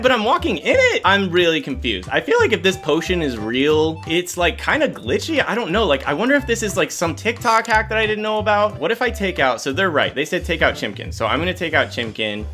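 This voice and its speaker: A man giving excited gameplay commentary as a video host, often breaking into laughs and quick exclamations. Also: a little high. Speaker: gaming YouTuber.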